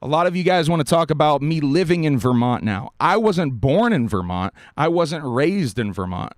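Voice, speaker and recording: A man from South Carolina hosts a live stream, talking bluntly and with plenty of profanity. His pitch swings widely and sits a little high, and his mouth sounds dry. The room sound is dry and close. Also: big pitch swings, normal speed, no room sound. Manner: blunt, profane, emphatic with short laughs. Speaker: podcast host. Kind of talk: live-stream commentary rant.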